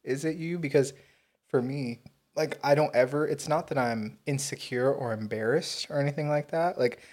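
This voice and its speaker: Young guy from texas on a podcast, blunt and sweary, laughs a lot, average pitch. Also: normal speed, a little mellow. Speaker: podcast co-host. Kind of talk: casual chat.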